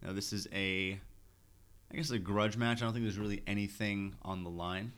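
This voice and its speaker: Laid-back low-voiced podcast co-host, a man. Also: fairly even intonation, moderate pace, fairly bright tone, clear, resonant tone. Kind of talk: casual chat.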